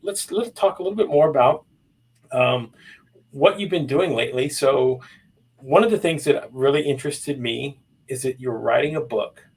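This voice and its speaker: A man's voice: mid-range voice, moderate pace, slightly rough. A man hosting a casual interview, asking friendly, encouraging questions. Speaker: podcast host.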